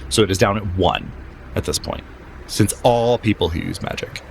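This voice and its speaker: A man narrating a tabletop game as game master, describing scenes slowly and dramatically with pauses, then explaining rules. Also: fairly low pitch, huge pitch swings, gravelly, a little hiss or hum.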